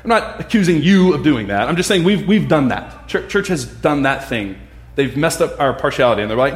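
A man's voice: on the high side, normal speed, hardly any pauses. A man giving a casual, conversational sermon, acting out the voices of the people in his story. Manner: animated, acts out voices of others. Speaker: pastor. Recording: echoey room.

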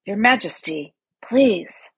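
A woman's voice: medium pitch, animated, slow pace, slightly rough, no echo, exaggerated voice. A woman voicing an old sleepy male bear with a thick, drowsy voice. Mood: pleading.

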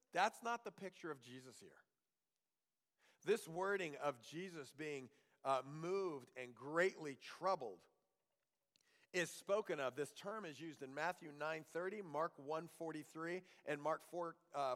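A male pastor preaching a sermon earnestly, pressing rhetorical questions and dropping to a hushed reading voice. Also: on the high side. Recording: long hall reverb.

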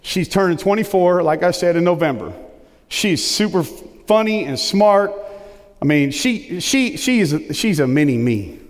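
Middle aged guy preaching loud n emphatic, highish voice, church echo rings out. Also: expressive, moderate pace. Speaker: pastor. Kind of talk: sermon. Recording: long reverb of a large hall.

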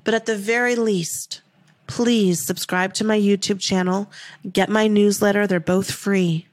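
A woman's voice: medium pitch, steady tone, unhurried, no room sound. A woman hosting a manifestation podcast, speaking in an emphatic, repetitive, heartfelt way and swearing casually. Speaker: podcast host, manifestation coach. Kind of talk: motivational podcast talk.

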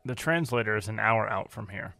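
A man playing an investigator questioning diner staff with brisk, commanding questions. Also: fairly low pitch, expressive, creaky, pushed and bright, no echo, faint music behind, full character voice. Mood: brusque.

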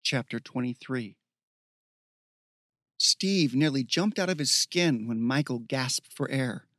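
A man reading a fantasy novel aloud as narrator, in a measured, evocative style. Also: medium pitch, fairly bright tone, no echo, studio quality. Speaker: audiobook narrator. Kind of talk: scripted narration.

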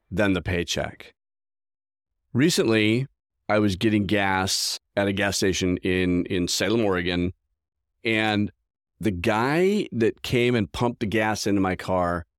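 A man hosting a podcast, telling stories in an earnest, enthusiastic, casual way. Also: lowish voice. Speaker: podcast host. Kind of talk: casual storytelling monologue.

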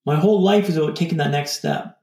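Man with a gravelly voice, rambling. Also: on the high side, fast talker, a little mellow, echoey room. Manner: loose and rambling, full of "like" fillers. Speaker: podcast guest. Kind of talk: casual reflective storytelling.

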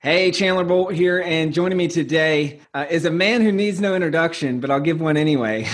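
A man's voice: on the high side, brisk, faint music behind. A young man hosting a podcast, introducing his guest and asking questions in a casual way with frequent fillers. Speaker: podcast host.

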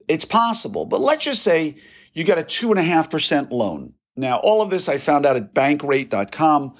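A man's voice: on the high side, dull audio. A man hosting his own podcast, talking casually and folksily while working through numbers aloud. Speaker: podcast host, orthodontist. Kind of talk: casual solo podcast monologue.

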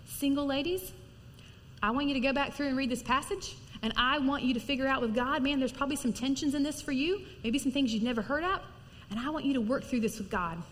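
A middle-aged woman preaching a sermon in a church, earnest and conversational, sometimes dropping to a soft near-whisper. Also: high-pitched, quick pace. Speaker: pastor's wife preaching. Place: large church hall. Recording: long hall reverb, faint noise.

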